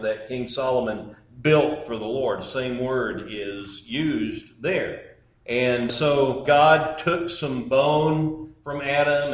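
A man preaching a sermon in a measured, emphatic way, building points through repeated phrases. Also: medium pitch. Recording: echoey church room.

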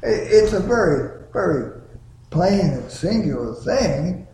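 A middle-aged male pastor preaching a sermon with slow, deliberate, drawn-out words in a church sanctuary. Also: sits high, very animated, dark tone, slight background noise. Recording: echoey church room.

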